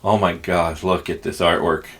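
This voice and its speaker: A man's voice: sits low, flat delivery, moderate pace, fairly bright tone, faint music behind. Rambling Southern-accented man unboxing games. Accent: Southern US country. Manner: crude joking, rambling and chatty. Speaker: gaming channel host. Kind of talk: casual unboxing commentary.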